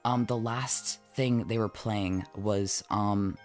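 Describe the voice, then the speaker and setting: A man streaming from home as a vtuber, chatting casually while he draws, animated and jokey, swearing often and teasing his chat. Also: lowish voice, slow, soft background music.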